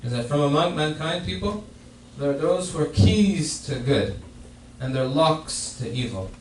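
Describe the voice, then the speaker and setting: A man preaches a Friday sermon on a hadith, a little slowly and expressively in a fairly high voice, often repeating and restarting phrases. He's in a mosque prayer hall, heard through a distant mic with echo and faint noise.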